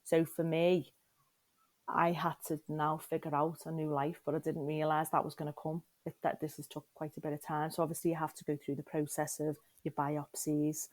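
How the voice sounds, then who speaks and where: A woman's voice: deep voice, level tone, moderate pace, dry recording. A middle-aged woman frankly and emotionally telling her personal story as a podcast guest, often turning to the listener with questions.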